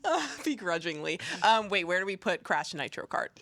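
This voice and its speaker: A woman's voice: lowish voice, a little fast, fairly bright tone. A woman co-hosting a casual video chat, teasing and laughing a lot. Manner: giggly and teasing, laughs often. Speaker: co-host.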